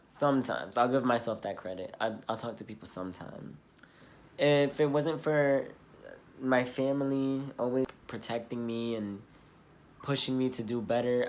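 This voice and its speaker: A young man telling a personal story in a casual vlog, talking in a rambling, earnest way with many fillers. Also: medium pitch. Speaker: vlogger.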